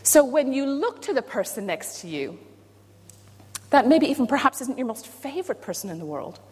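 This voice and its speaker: A woman preaching a sermon, playful and self-deprecating, with animated emphasis. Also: sits high, normal speed, slightly rough. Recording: long hall reverb.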